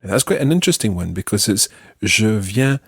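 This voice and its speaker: A Scottish man teaching a language lesson, patiently modelling phrases slowly for the learner to repeat. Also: on the low side, sing-song, a bit bright, breathy edge, no echo, clean studio sound. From Scotland. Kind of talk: slow, clear language lesson.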